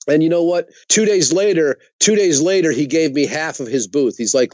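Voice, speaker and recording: A man's voice: a little high, normal speed, hardly any pauses, a little mellow, dry recording, lo-fi sound. A man chatting casually as a podcast guest. He tells stories bluntly, swears, and repeats words for emphasis. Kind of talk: casual storytelling chat.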